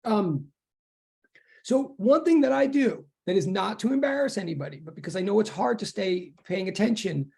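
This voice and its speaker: A physics instructor opens an online class in a loose, rambling way, often restarting sentences. The voice is gravelly with a dark, mellow tone. It comes through a video call mic. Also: medium pitch, lively intonation, moderate pace. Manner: chatty and rambling, with many restarts. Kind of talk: casual online class introduction.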